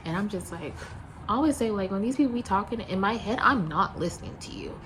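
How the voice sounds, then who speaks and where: A young adult woman, a flight attendant, telling a story in a casual vlog, blunt and animated, acting out both sides. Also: mid-range voice, fast, slight background noise, poor audio.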